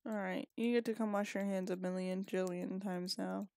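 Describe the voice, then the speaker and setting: A woman's voice: medium pitch, steady tone, normal speed, dark tone, dry recording. A woman giving casual gameplay commentary, chatty and scolding her characters, a little sniffly and yawning. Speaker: gaming video creator.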